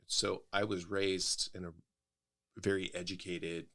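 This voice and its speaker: A middle-aged man, a pastor, speaks in a very low voice during a relaxed podcast chat. He explains things carefully and at length, often circling back and restarting his sentences as he thinks. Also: measured pace, vocal fry. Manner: explanatory, thoughtful, with frequent restarts. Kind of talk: casual podcast conversation.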